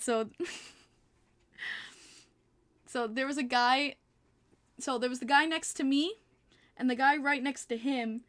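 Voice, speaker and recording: A woman's voice: high-pitched, takes it slowly, pauses often, fairly bright tone. A young woman from New York hosting a podcast, chatting casually, laughing often and answering her chat. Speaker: podcast host.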